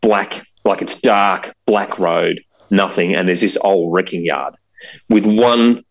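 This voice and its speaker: A man's voice: sits low, takes it slowly, creaky, rough recording. A man, a podcast host telling a long story in a casual, rambling way with many asides. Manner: animated, rambling, full of fillers and asides.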